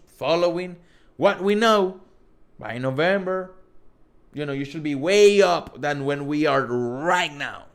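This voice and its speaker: Man with a thick Spanish accent. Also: fairly high pitch. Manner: rambling, self-correcting, reads chat questions aloud. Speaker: host. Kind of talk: casual live-stream chat.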